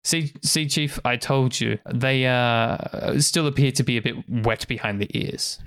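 A man's voice: mid-range voice, a little slow, fairly bright tone, clear, resonant tone. A man doing a smug ancient vampire advisor. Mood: mocking.

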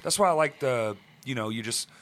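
A man in casual chat, joking and swearing, tossing in quick asides. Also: mid-range voice, expressive, fairly bright tone.

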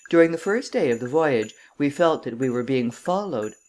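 A woman reading a classic novel aloud as an audiobook narrator, measured and formal. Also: very deep voice, animated, darkish tone. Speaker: audiobook reader.

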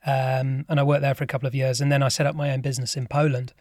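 A man's voice: mid-range voice, level tone, racing, a little mellow, dry recording. Chatty self-deprecating man, dry studio sound. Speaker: podcast guest, company chairman. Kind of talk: casual interview chat.

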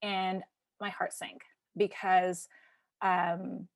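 A woman's voice: lowish voice, drawn-out words, vocal fry, dry recording. Woman from canada talking through her story, lots of um and like, dry close sound. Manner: animated, emphatic, with frequent fillers and laughs. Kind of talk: conversational personal storytelling.

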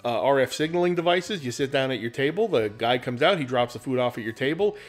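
A man co-hosting a podcast in casual chat, animated and fond of mocking quick impressions. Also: medium pitch, soft background music. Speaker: podcast co-host.

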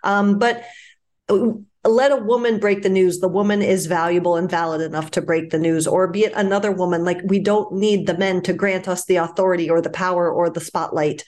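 A woman co-hosting a casual podcast, animated and quick to laugh while she chats and reads out news. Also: lowish voice. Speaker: podcast co-host.

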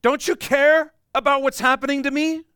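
A man's voice: extremely high pitch, fairly even intonation, normal speed, sharp tone, no echo, clean studio sound, pitched above the performer's own voice. A man doing a panicked pleading believer. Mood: frantic pleading. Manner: frantic, pleading.

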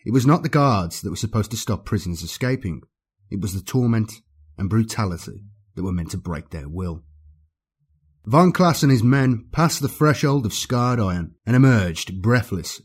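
A man narrating an audiobook with a dramatic, expressive reading. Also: on the low side, breathy edge.

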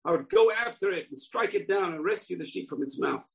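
Guy doing a cocky young shepherd, voice pushed up high, kinda gravelly. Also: expressive, brisk, a bit bright, heavily acted. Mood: confident. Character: boastful young male shepherd hero.

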